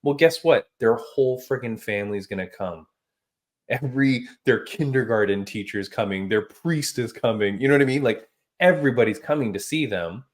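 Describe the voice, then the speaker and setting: A man hosting a casual podcast chat, telling stories in an animated, emphatic way with casual slang. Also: medium pitch, normal speed. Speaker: podcast host.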